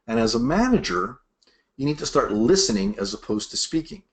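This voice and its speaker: A middle-aged sales leadership trainer leads a presentation-style master class for sales managers. Speaking fairly quickly in a mid-range voice, he animatedly acts out what bosses and reps say.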